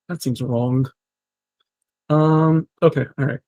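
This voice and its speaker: Gravelly, husky man muttering on a stream. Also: medium pitch, fairly even intonation, drawn-out words, pauses often, darkish tone, dry recording. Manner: mutters to himself, wry and self-mocking. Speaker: live-streamer trying out chatbot software. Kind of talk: casual live-stream commentary while working.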